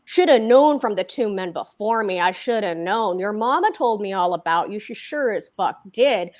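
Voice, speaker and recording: A man's voice: sits high, expressive, moderate pace. A woman reading aloud, voicing a crude, abusive man who curses his wife with contempt. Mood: contemptuous. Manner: cursing, contemptuous. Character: crude, abusive, beer-drinking husband, man.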